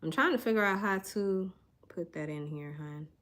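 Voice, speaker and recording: A woman's voice: medium pitch, normal speed, a bit bright. A woman, doing a casual tarot reading and chatting straight to her viewers in a folksy way. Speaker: tarot reader.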